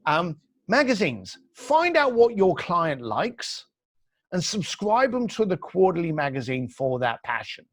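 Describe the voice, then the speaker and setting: Recorded at studio quality with no echo, this podcast guest, an entrepreneur, has a high voice with big pitch swings and a slightly slow pace. Through animated stories he hands out blunt advice, performing the quoted lines himself.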